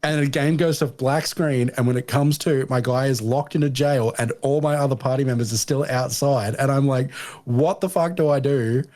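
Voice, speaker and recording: A man hosting a casual podcast chat, an animated storyteller who swears and laughs a lot. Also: medium pitch, normal speed, few pauses. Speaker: podcast host.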